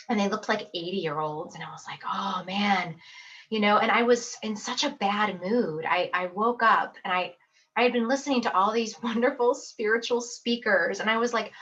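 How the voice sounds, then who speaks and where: A woman's voice: medium pitch, fairly bright tone. A woman in her thirties, an herbalist, talking casually to camera from her home office, chatty and reflective with fillers and small laughs. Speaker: herbalist and herb school teacher. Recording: slightly dull lo-fi audio, not her usual mic.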